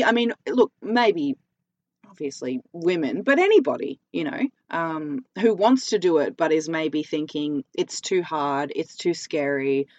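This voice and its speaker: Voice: medium pitch, dull audio. An Australian podcast host chatting casually, laughing often and telling stories with energy. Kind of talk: casual chat.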